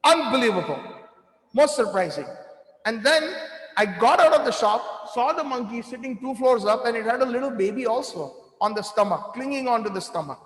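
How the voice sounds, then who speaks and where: A man giving a devotional talk, telling lively anecdotes with quoted dialogue. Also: very high voice, normal speed. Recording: echoey hall with long reverb.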